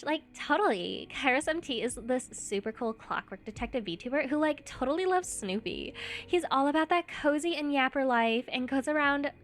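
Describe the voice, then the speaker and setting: Woman putting on a high, bubbly valley girl, gushing and chirpy, for a live stream bit. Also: lightly acted. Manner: gushing, full of "like, totally".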